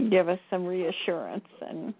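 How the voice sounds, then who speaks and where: A woman's voice: fairly low pitch, animated, unhurried, very noisy. A woman channeler chatting in a bubbly, exclamatory way, often laughing. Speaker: channeler and co-presenter. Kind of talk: casual spiritual chat. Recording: tinny call line.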